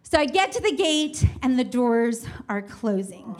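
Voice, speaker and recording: A young woman with a high voice tells a comic personal story in an animated, self-mocking way. She takes her time and lets each line land slowly.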